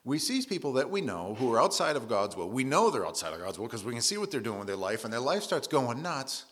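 A man's voice: mid-range voice, very animated, quick pace, fairly bright tone. A man preaching a conversational sermon, retelling scripture in everyday words with casual asides.

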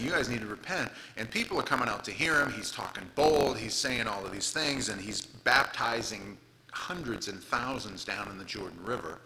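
A man's voice: medium pitch, creaky, pushed and bright, slight background noise, low-quality recording. A man preaching a conversational sermon, reading scripture aloud and retelling Bible stories in casual, everyday words. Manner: retells scripture casually, reads King James verses aloud. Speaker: pastor.

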